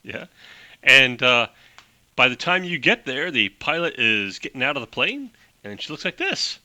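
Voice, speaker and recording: A man narrating a tabletop game as game master, playful and animated, adding sound effects. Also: mid-range voice, normal speed, dry recording.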